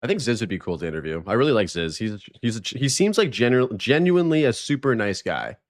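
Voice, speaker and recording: A man's voice: mid-range voice, big pitch swings, quick pace. A man hosting a live stream, chatting casually, greeting viewers and joking.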